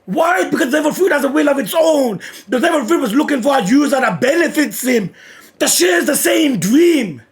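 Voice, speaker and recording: A man giving live reaction commentary while reading a manga chapter, swinging between loud excited shouting and low muttered reading-along. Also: moderate pace.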